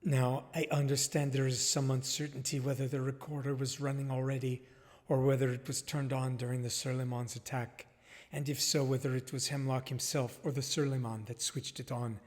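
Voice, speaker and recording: A man's voice: medium pitch, little pitch movement, natural voice. A man doing a grave, formal documentary filmmaker. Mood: solemn. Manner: solemn, deliberate, formal. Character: grave male documentary filmmaker, solemn and measured. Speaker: interviewer. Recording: long hall reverb.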